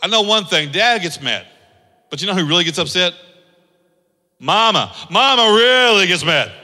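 A male pastor preaching with a bright, high-pitched voice. He fires off repeated rhetorical questions and lifts into a sing-song cadence. The sound rings out with a long church-hall reverb. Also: lively intonation, moderate pace. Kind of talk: sermon.

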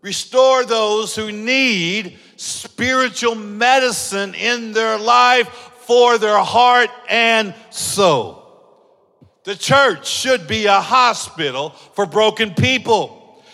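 A man preaching a sermon as pastor, telling stories and acting out dialogue, building up to shouting. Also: high voice, slow, creaky. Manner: animated storytelling, acts out dialogue, builds to shouting. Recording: long hall reverb.

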